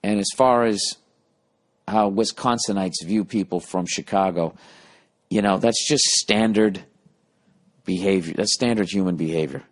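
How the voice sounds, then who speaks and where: A man's voice: deep voice, unhurried. A man in his late forties hosting a podcast, rambling through a profane, self-mocking comedic rant. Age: 40s. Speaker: podcast host.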